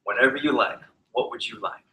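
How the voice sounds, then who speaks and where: A man's voice: mid-range voice, a little fast, sharp tone, lightly acted. A man voicing a wealthy older oil mogul who speaks in clipped, broken phrases and wheedles to strike a deal. He plays the figure in an echoey room. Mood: coaxing. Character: rich older male oil mogul, pushy dealmaker.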